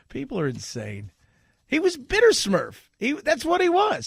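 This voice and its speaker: A man hosting a talk radio show, sarcastic and animated, acting out the people he talks about in funny voices. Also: extremely high pitch, moderate pace, vocal fry, slightly rough, no room sound, clean studio sound. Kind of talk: talk radio commentary with live ad read.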